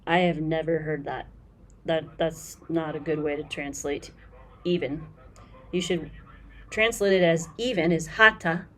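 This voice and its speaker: Here a low-pitched woman delivers a laid-back Swahili lesson commentary, patiently explaining and slowly repeating phrases with fillers while being frank about poor translations.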